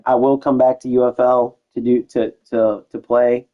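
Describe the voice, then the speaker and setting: A man's voice: medium pitch, little pitch movement, normal speed, lo-fi sound. A young man streaming a football video game, chatting loosely to his live chat, with casual slang and frequent restarts.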